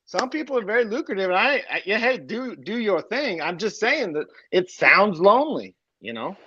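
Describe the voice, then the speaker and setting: A man's voice: high-pitched, big pitch swings, moderate pace, bright, forceful tone, breathy edge, dry recording. A man in casual comedy banter, joking and playful, stretching out his punchlines. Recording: dull lo-fi audio.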